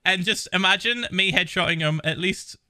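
A man's voice: high-pitched, normal speed, pushed and bright, a little hiss or hum. A man casually reacting to a video, talking animatedly, swearing a lot and laughing often.

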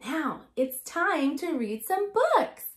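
This woman's voice sits high and swoops widely in pitch as she reads a picture book to small children at a slow pace, full of child-directed enthusiasm.

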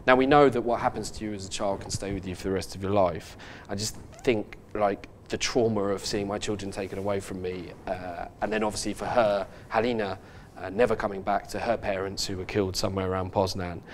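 A man hosting a podcast, telling a story in a halting, earnest way with many restarts and fillers. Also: lowish voice, fairly even intonation, a little hiss or hum. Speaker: podcast host. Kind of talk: casual podcast chat.

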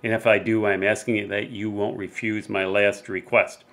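A man's voice: lowish voice, level tone, normal speed, a bit bright. A man voicing a freezing, dying gold prospector who moans his last request in a poem reading. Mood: mournful pleading. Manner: moaning, pleading.

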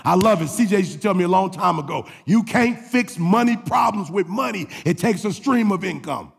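Man, pastor. Gravelly, husky sermon voice, swings from shouted preaching to quiet asides, long hall reverb. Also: sits high, lively intonation, a little fast, hardly any pauses.

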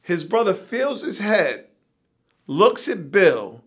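This middle-aged man, appearing as an interview guest, tells a wild story in an animated way, acting out the quotes and swearing freely. His voice sits high, slow and husky, with big swings in pitch.

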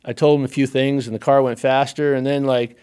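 Guy on a podcast spinning old racing stories, mid-pitch voice, lots of "like" and restarts, rambly and animated. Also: brisk, smooth. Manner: animated, rambling with many fillers and restarts, laughs often. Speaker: guest race car driver. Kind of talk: casual storytelling in a podcast interview.

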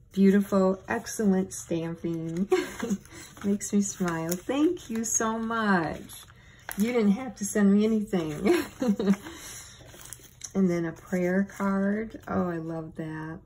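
A middle-aged woman at home chats slowly through an unboxing, gentle and full of thanks. Her voice is mellow and a little low, with a faint hum of room noise behind her. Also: rough recording. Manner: gentle, gushing, thankful, soft laughs. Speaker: channel host opening friend mail. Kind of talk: casual unboxing chat.

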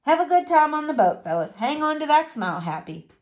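A woman's voice: sits high, sing-song, fairly quick, voice pushed up. A woman doing a cheerful young horn player. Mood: friendly.

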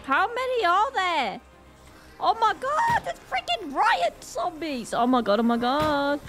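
Excitable high-voiced Northern Irish woman gamer. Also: measured pace, music in the background. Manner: excitable, frequent panicked exclamations. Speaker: gaming channel host. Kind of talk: live gameplay commentary.

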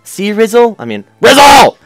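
A man putting on a high, shrill voice to yell game characters' lines, like a mom calling her kid. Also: big pitch swings, normal speed, no echo, soft background music.

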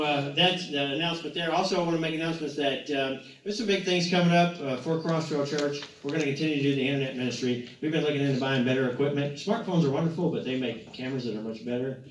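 Joking pastor in an echoey room. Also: male voice, on the high side, fairly bright tone, a little hiss or hum. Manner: rambling, joking, self-correcting. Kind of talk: casual church announcements and joke-telling. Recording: echoey, distant, muffled, with guitar music.

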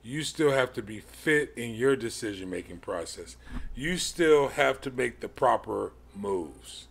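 A man in his forties teaching a Bible study in a slow, halting way, with many pauses and restarts. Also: mid-range voice, animated, creaky, husky. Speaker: podcast teacher.

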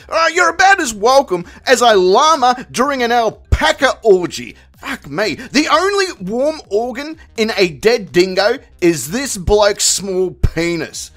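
A man's voice: high-pitched, fairly bright tone. A man giving crude, mocking commentary on a video. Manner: crude, mocking, theatrical swings. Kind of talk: profane comedic video commentary.

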